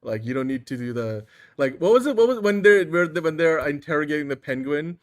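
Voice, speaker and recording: Rambling, animated man. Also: a little high, fairly quick. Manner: rambling, animated, lots of filler words. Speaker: host. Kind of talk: casual podcast chat.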